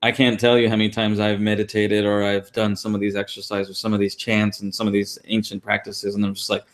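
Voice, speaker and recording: This online class co-host has a low, monotone voice and talks fairly quickly. Heard through the class call, his casual teaching is sprinkled with fillers and restarts.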